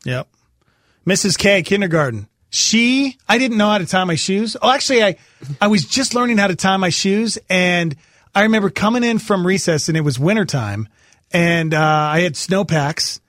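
A man's voice: high-pitched, expressive, moderate pace, a bit bright, dry recording. Man, morning radio host, casual chat, dry close mic. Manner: chatty, tells childhood stories. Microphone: studio microphone.

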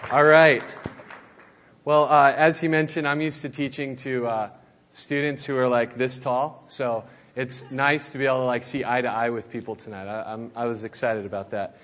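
A man's voice: mid-range voice, steady tone, moderate pace, a bit bright, muffled recording. A young man from New Mexico, a youth pastor giving a casual sermon with easygoing, self-deprecating storytelling. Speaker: youth pastor, guest speaker.

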